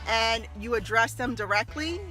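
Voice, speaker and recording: A woman talking casually to camera as a mother and former early childhood teacher, animated and laughing often as she acts out little scenes. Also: a little high, moderate pace, soft background music. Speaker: mother giving parenting tips. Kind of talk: casual advice vlog to camera.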